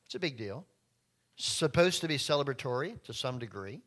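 A man's voice: medium pitch, lively intonation, normal speed, fairly bright tone. A middle-aged man preaching a conversational sermon, often acting out voices and asides. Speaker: pastor.

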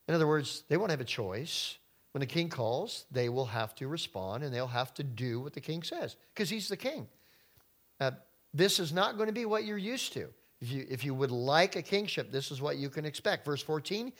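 A man preaching a sermon, reading scripture aloud and breaking in with lively rhetorical questions. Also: a little high, moderate pace. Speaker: pastor.

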